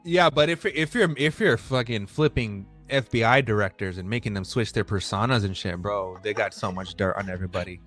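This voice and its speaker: A man's voice: on the low side, brisk, few pauses, a bit bright, soft background music. A man co-hosting a casual chat, heated and rambling, swearing often as he presses his points. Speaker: podcast co-host.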